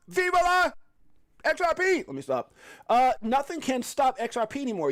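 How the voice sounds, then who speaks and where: A man hosting a live crypto stream, talking casually and animatedly, breaking into shouted hype lines and correcting himself as he reads news aloud. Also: high voice. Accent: African American English.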